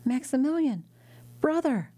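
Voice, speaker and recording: A timid, innocent young girl stammers her words in a high, breathless voice, as a woman reads her part. She sounds frightened and unsure. This is an audiobook reading. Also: unhurried, warm tone. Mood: joyful.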